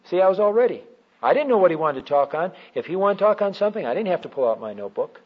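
A man's voice: sits high, very animated, very fast. A man teaching from the Bible, who asks rhetorical questions and answers them himself. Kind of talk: teaching talk. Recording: dull lo-fi recording.

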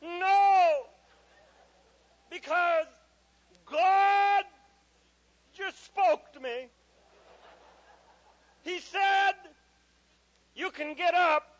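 A man's voice: extremely high pitch, highs cut off, voice pushed up, heavily acted. A man voicing a pompous little girl who asks religious questions at bedtime, in a stand-up story. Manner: pompous, drawn-out.

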